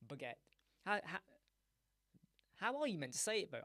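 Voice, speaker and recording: Man, livestream host, playful and rambling, very lively pitch, dry close sound. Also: moderate pace, creaky, long pauses, no room sound. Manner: playful, rambling, joking with chat viewers. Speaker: web design live stream host. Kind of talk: casual live stream chat.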